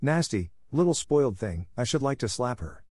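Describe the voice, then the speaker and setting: A man voicing a spiteful older schoolgirl, raising his pitch for her mocking lines in a dry recording. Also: lively intonation, a little fast, a little mellow, no echo. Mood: sneering. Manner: sneering, mocking.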